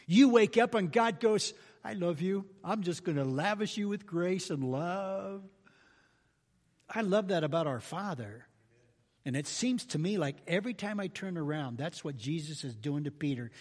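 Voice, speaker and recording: A man's voice: on the high side, breathy edge. A man pastor giving a sermon in a folksy, humorous, conversational way with sudden emphatic bursts. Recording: reverberant church hall.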